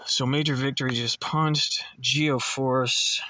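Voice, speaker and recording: A man's voice: medium pitch, unhurried, pauses often, bright, forceful tone, no room sound. A man casually reading through comics, chatting and rambling in asides and stumbling over words now and then. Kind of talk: casual comic read-along.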